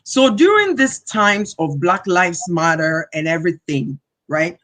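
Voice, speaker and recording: Woman talk show host, encouraging, lively rising and falling pitch. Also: unhurried. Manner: encouraging, frequent affirmations. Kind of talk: interview conversation.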